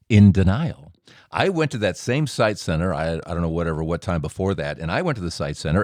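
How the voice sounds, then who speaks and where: A middle-aged man hosting a show, telling a personal story in an animated way and acting out the dialogue. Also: no room sound, studio quality. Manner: animated, acts out dialogue with big pitch jumps. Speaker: podcast host. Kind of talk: storytelling monologue.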